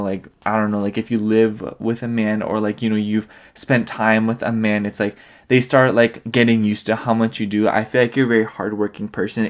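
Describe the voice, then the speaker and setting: A man giving a casual pick-a-card tarot reading, rambling and filling nearly every phrase with "like". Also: lowish voice. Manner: rambling, filler-heavy, leans on "like" constantly. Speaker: tarot reader.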